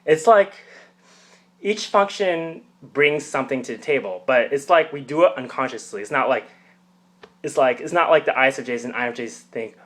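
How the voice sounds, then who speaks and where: A man's voice: medium pitch, lively intonation, moderate pace, a bit bright. Rambling man explaining with fillers. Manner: rambling, gestural storytelling with many fillers and restarts. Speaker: personality type channel host. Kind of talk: casual explanatory talk to camera.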